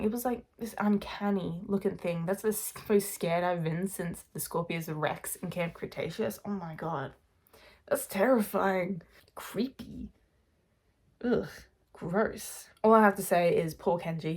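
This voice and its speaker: A young adult woman rambling excitedly in a casual reaction vlog, gushing over a TV series. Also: medium pitch.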